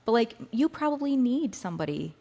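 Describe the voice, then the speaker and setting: A woman's voice: fairly high pitch, very animated, a little fast, warm tone. A woman co-hosting a podcast, chatting casually, sharing sayings and advice in a reflective way. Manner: reflective, offers sayings and advice, many "like" fillers. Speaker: podcast co-host. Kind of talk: casual chat.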